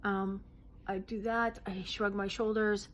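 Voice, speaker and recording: Woman in her late 30s vlogging, casual q&a, keeps clearing her throat and hooting mid-sentence, average pitch. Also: level tone, unhurried, background noise. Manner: chatty, broken by sudden vocal tics, hoots and throat clearing. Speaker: vlogger answering viewer questions. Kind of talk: casual Q&A vlog.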